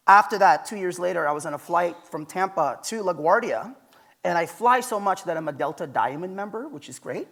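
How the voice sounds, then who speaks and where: A man's voice: high-pitched, expressive, a little fast, creaky, a bit bright. Man giving a storytelling keynote. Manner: conversational storytelling, emphatic. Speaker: keynote speaker. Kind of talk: conference keynote with personal stories. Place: conference stage.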